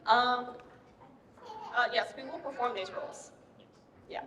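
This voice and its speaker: A woman's voice: on the high side, unhurried, fairly bright tone. A young woman ballet dancer leading children in pantomime, upbeat with frequent "um"s, recorded in a large library room. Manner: upbeat, hesitant fillers. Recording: echoey reverberant hall.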